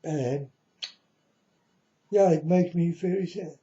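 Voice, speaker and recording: A man giving a mournful prophetic warning monologue, slowly speaking straight to his listeners and calling them folks. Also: on the high side, dark tone. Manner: slow, mournful, repeatedly addresses listeners as folks. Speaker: self-styled prophet. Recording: dull lo-fi audio.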